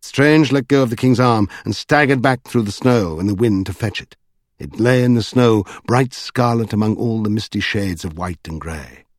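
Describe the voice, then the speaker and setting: Man narrating an audiobook, steady measured telling, dry close sound. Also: medium pitch, no room sound. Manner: measured storytelling. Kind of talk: scripted narration.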